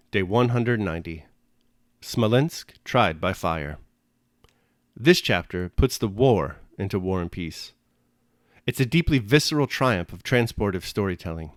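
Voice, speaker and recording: A man reading a classic novel aloud in measured, expressive narration, then reflecting on the chapter. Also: on the low side, no room sound, clean studio sound. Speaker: reader and commentator.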